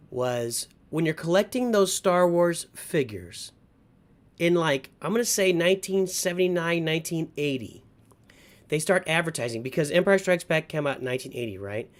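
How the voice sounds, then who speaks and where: Man, middle-aged, fairly high voice, livestream host, casual rambling chat, nostalgic. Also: animated, unhurried.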